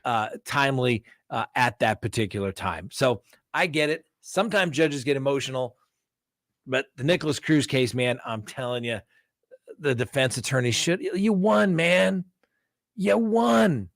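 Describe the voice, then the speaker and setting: A man's voice: medium pitch, normal speed, a bit bright, dry recording, studio quality. A man who works as a defense attorney, hosting a live crime talk stream and telling courtroom stories with a blunt, combative edge, acting out both sides of the exchanges. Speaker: defense attorney and show host.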